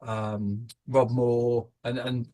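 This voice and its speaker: A man's voice: mid-range voice, little pitch movement, extremely slow, mellow. A British man hosting a casual podcast, rambling with plenty of ums and restarts. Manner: rambling, hesitant, many fillers. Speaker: podcast host.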